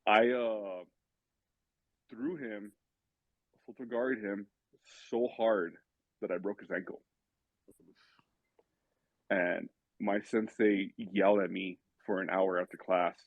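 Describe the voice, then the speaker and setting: A man with a gravelly, husky voice, talking casually and tripping over his words. The sound is thin and tinny like a phone line, and dry. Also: on the low side, fairly even intonation, slow, long pauses, no room sound. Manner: stammering, repeats words. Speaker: podcast guest, judo and jiu-jitsu student. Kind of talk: casual chat.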